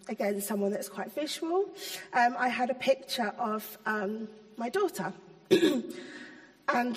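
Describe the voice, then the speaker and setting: A woman giving an informal, chatty sermon to a church, full of ums and gentle asides. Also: mid-range voice. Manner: chatty, hesitant, many ums. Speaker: church speaker. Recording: long hall reverb.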